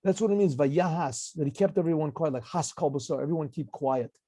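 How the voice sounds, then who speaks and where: Man, rabbi, Torah lesson, Hebrew phrases, fairly high voice, mellow tone. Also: a little fast, no room sound. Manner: mixes Hebrew phrases, acts out quotes, frequent restarts. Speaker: rabbi teaching a Torah class. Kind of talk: lecture with commentary.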